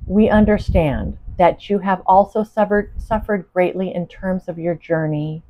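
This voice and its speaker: A woman voicing an exuberant alien being from a distant planet, who speaks in an excited, effusive and formal way. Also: lowish voice, unhurried, lo-fi sound, close to an everyday voice.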